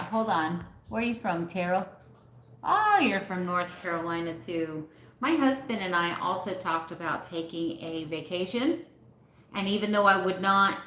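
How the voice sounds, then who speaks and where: A woman's voice: fairly low pitch, fairly bright tone, roomy sound. A middle-aged woman hosting a live stream, chatting casually with viewers and telling personal stories with raw emotion. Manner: candid, emotional storytelling.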